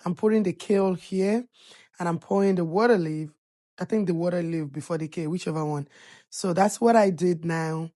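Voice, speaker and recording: Lady narrating her cooking vid, low-ish voice, chatty and jokey. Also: normal speed, dark tone. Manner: chatty and playful, teasing viewers with laughs. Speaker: cooking channel host. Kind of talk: casual voice-over narrating a cooking video.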